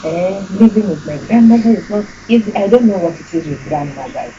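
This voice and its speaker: A young woman with a Kenyan accent tells a personal story as an interview guest, animated and quick to laugh. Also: on the low side, crowd noise. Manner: animated, laughing, mixing in Swahili phrases. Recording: muffled with clear background noise.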